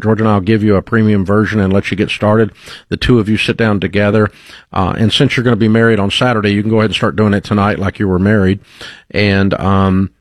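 A man's voice: lowish voice, no room sound. A man hosting a call-in show, giving blunt, emphatic money advice like a coach.

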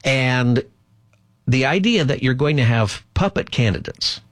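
A man's voice: medium pitch, animated, unhurried, no echo. A man hosting a political talk radio show, giving opinionated commentary with many fillers and asides.

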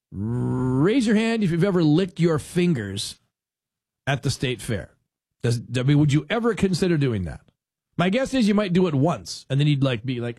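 A rambling, animated male talk host with a fairly high voice, telling stories and acting out quotes. His voice sounds dry and close, with no room around it. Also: normal speed, no room sound. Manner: animated storyteller who acts out quotes; rambling with restarts. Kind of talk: casual chatty monologue.

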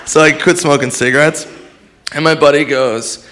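A man doing a stand-up routine with a laid-back, deadpan delivery. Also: a little high, normal speed. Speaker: stand-up comedian. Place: comedy stage with a laughing audience. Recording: live room with crowd and noise.

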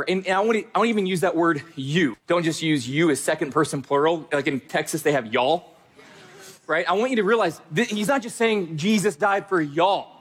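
A man's voice: fairly high pitch, slightly rough. A male pastor preaching a sermon, speaking emphatically and repeating phrases for stress.

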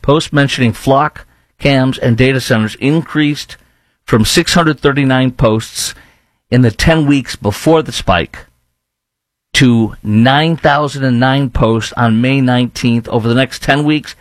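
A man's voice: medium pitch, unhurried, dry recording. A man hosting a political talk radio show, speaking emphatically, repeating himself and firing rhetorical questions.

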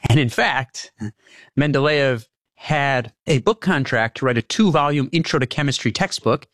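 A man's voice: mid-range voice, animated, measured pace, a bit bright. A man being interviewed as the author of a book, who explains his ideas earnestly and breaks into laughs between points. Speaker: author and guest.

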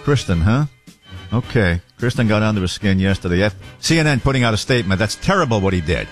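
A man's voice: on the low side, animated, fast, soft background music. A man hosting a morning talk radio show, sarcastic and jokey, often mimicking the people he talks about.

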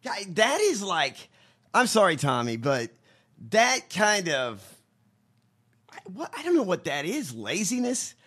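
A man's voice: sits high, huge pitch swings, a little slow, a bit bright, husky. A man co-hosting a podcast, cracking profane, mocking jokes in casual chat. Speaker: podcast co-host.

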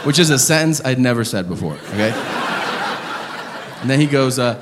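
A man doing stand-up comedy, telling stories in an animated, profane, ranting way. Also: mid-range voice, brisk, long pauses, long reverb tail, a little hiss or hum.

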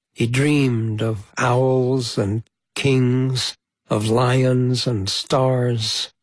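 A man reading a children's storybook aloud in a slow, gentle, measured way. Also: medium pitch, breathy edge, no room sound. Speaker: storybook reader.

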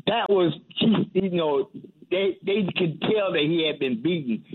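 A reverend speaking as a guest on call-in radio, earnest and halting, often restarting his sentences. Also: high-pitched, animated, husky. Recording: tinny phone line.

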